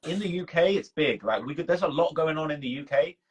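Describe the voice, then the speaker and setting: A man's voice: on the high side, fairly quick, slightly rough, low-quality recording. A man with a British accent, rambling in casual chat as the host of a live stream, with loose speech full of "bro" and "man". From United Kingdom. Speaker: documentary creator and host. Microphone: video call.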